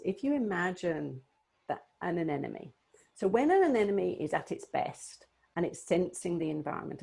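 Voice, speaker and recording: A woman coach giving an online presentation over a video call, explaining ideas warmly and thinking aloud with some restarts. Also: on the low side, creaky, slightly rough.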